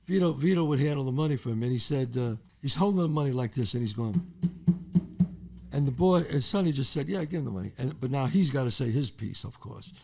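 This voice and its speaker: An older man, co-hosting a podcast, telling anecdotes in an animated way and acting out the voices of the people in them. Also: medium pitch, fairly quick, creaky. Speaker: podcast co-host. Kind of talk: casual storytelling chat.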